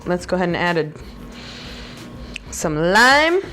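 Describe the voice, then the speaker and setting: A woman's voice: on the low side, sing-song, measured pace, a bit bright, soft background music. A woman whose first language is Spanish, hosting a casual home cooking vlog in a chatty, bubbly way with jokey asides. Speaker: cooking channel host. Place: home kitchen, food sizzling.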